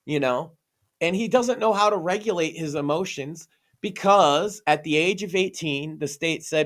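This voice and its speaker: Earnest, emphatic man, fairly high voice. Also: moderate pace, fairly bright tone. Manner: earnest, emphatic, swears freely. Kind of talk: casual podcast discussion.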